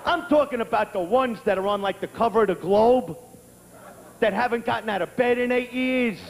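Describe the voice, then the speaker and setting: A male stand-up comic with a very high voice, firing off crude stories in a brash, profane style and often bursting into shouts. His voice rings out with a long reverb over a faint background noise. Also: normal speed. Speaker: stand-up comedian. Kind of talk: stand-up comedy set.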